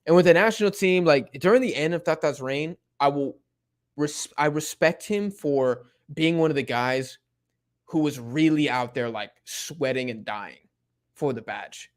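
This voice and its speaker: A young man casually chatting through a live football watch-along, reading and answering chat in relaxed slang. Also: on the high side, unhurried. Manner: laid-back slang-heavy chatter, many fillers.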